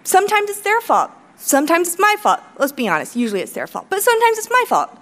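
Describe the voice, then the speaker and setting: A woman with a high, lively voice gives a live talk on a conference stage. She speaks bluntly, swears freely and jumps into self-mocking asides, her pitch swinging widely as she makes her points. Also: fast talker. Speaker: conference speaker, company CEO. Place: large conference hall stage.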